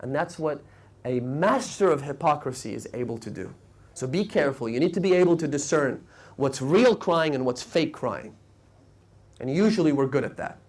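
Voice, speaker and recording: A male preacher delivering a lecture in a fairly high voice. He tells stories with feeling, climbing to passionate peaks and then falling to quiet, hushed lines. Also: lively intonation, moderate pace. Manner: storytelling, rising to emotional peaks and dropping to hushed tones. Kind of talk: sermon lecture. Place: mosque lecture hall.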